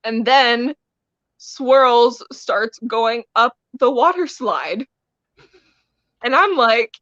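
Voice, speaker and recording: A woman's voice: fairly high pitch, expressive, slow, a bit bright, no room sound, highs cut off. A woman wrestler guest telling a story in a casual interview, laughing often as she talks. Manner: giggly, laughs often while telling stories.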